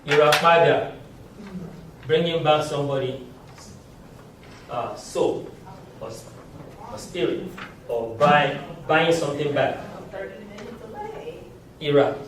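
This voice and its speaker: Man, language teacher, slow and deliberate, chuckles often, heavy echo, distant mic. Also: on the high side, a crowd in the background. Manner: slow, patient explanations with frequent chuckles. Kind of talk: teaching a class. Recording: very echoey room, mic far off.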